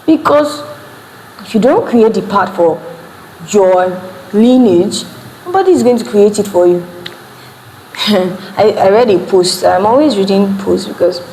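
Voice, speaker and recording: A woman's voice: medium pitch, mellow. Young Nigerian woman, motivational youth speaker, emphatic and repetitive, heard in a reverberant hall with faint room hum. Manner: emphatic, repeats words, asks the audience questions. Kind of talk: motivational teaching to a live group.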